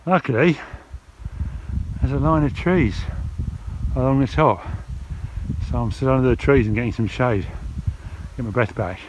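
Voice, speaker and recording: With music in the background and a dull lo-fi sound carrying a little hiss or hum, an English vlogger talks to camera while hiking the hills. He's unhurried and medium-pitched, relaxed and chatty, thinking aloud with fillers and occasionally short of breath from climbing.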